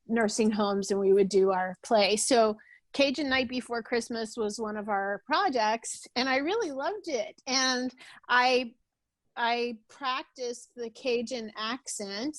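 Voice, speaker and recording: A woman's voice: on the high side, no room sound. A woman being interviewed on a podcast over a video call, talking casually with many restarts. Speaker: podcast guest.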